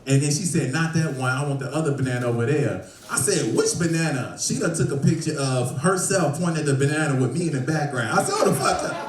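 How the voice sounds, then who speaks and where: A man performing a lively stand-up set in a bar, laughing and shouting through his punchlines. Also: medium pitch, quick pace, hardly any pauses, a crowd in the background. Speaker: stand-up comedian. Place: bar comedy show. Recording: roomy, from a distance.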